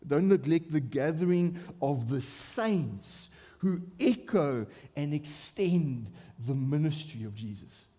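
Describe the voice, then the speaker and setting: A man's voice: a little high, expressive, slow pace, hardly any pauses, dark tone. A man preaching a sermon in an earnest, emphatic way, with rhetorical questions and repeated phrases.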